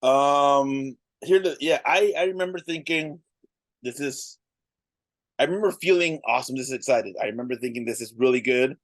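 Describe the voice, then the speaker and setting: A man in his thirties co-hosts a laid-back review chat, rambling through his thoughts with plenty of ums and restarts. His voice sits at an ordinary middle pitch. The sound is dry and close. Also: normal speed, no echo. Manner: rambling, frequent fillers and restarts. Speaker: podcast co-host.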